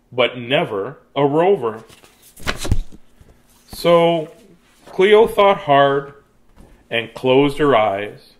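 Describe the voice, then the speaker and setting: Lively man reading a picture book. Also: fairly high pitch. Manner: sing-song, playful, drops to soft hush at endings. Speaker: children's book reader and author.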